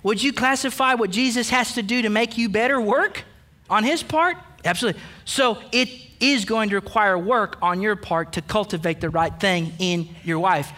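A man's voice: sits high, normal speed, pushed and bright. A man pastor preaching a sermon, emphatic and direct, calling out the men with playful asides. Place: church sanctuary.

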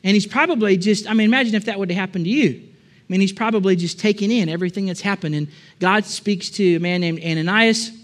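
A man's voice: sits high, fast, a bit bright. A man preaching a sermon in a church, telling a story casually and then building to emphatic, repeated lines. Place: church with a balcony.

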